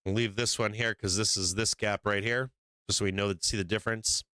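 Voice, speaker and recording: Hoarse, profane market-streamer man. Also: lowish voice, steady tone, a little fast, pushed and bright, dry recording. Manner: blunt, profane, reads headlines aloud. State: losing his voice. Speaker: stock market livestream host. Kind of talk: casual market commentary with profanity.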